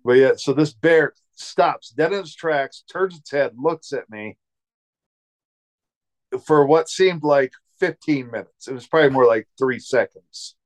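A man's voice: on the high side, measured pace. A man from Montana, a comedian guest, telling stories in casual chat and laughing often. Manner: animated storytelling, laughs often. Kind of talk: casual storytelling.

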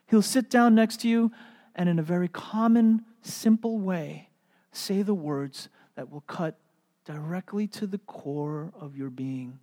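A pastor preaching a sermon, animated and storytelling, then going soft and hushed. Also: medium pitch, unhurried, in a large hall. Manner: animated storytelling, drops to soft hushed tones for quoted words.

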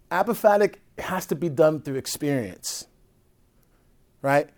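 A male priest teaching a group in a conversational way, often checking in with "right?" and dropping between loud emphasis and soft, low asides. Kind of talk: teaching talk to a live group.

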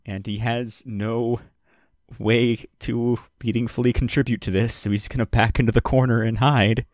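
A man narrating as game master of a tabletop role-playing game, relaxed and hesitant, with many fillers. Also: medium pitch, normal speed, dry recording, clean studio sound.

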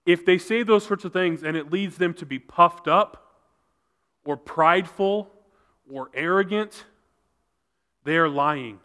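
A man preaching a sermon as pastor, earnest, and at times dropping to a soft, intense voice for emphasis. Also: a little high, slow pace, long pauses. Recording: reverberant hall sound.

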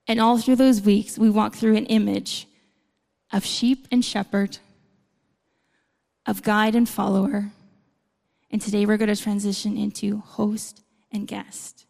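A woman's voice: medium pitch, level tone, measured pace, creaky, a little mellow. A woman preaching a sermon in a conversational way, with playful asides to the congregation. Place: church hall. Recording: long hall reverb.

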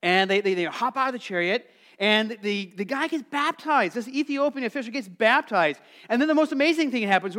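Middle-aged male pastor, high and animated, chatty sermon delivery. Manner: conversational, animated, acts out quotes; calls for congregation responses.

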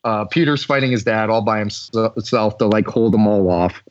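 A man co-hosting a casual podcast chat, recapping a movie in an animated, swearing, filler-heavy way. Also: lowish voice, moderate pace, no echo, muffled recording. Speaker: podcast co-host.

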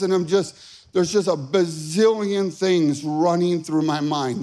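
Male pastor, fairly high voice, emotional storyteller, swings from hushed to shouting. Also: normal speed. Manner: emotional storytelling, rising to loud shouting at peaks. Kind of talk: sermon with personal story.

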